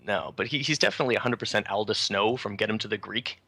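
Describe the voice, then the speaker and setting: A man's voice: fairly low pitch, fast, pushed and bright, husky, no room sound. A man from Canada co-hosting a casual wrestling chat over a call, laid-back and hesitant, laughing often. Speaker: podcast co-host. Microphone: remote call.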